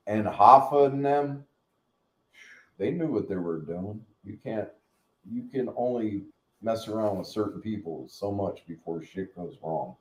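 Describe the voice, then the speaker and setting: A middle-aged man rambles through a casual, profane rant, taking his time with every point. His voice is somewhat low and warm, and it bounces around an echoey room. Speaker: channel host.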